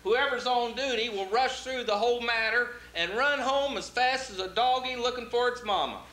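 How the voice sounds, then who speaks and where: A man playing a scheming, smooth-talking lawyer in a stage play, calm and commanding. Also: extremely high pitch, moderate pace. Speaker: community theater actor. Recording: roomy stage recording, faint hiss.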